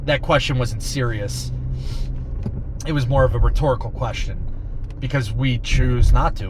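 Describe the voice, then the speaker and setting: A man's voice: mid-range voice, fairly even intonation, measured pace, noisy background. A man vlogging from inside a car, talking in a blunt, rambling, exasperated way. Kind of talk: casual monologue.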